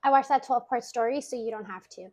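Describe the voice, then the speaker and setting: Woman narrator, brisk and higher-pitched, gossipy storytime delivery. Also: darkish tone, a little hiss or hum, poor audio. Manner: chatty gossip retelling, lots of "like" and acted quotes. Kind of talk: casual storytime recap.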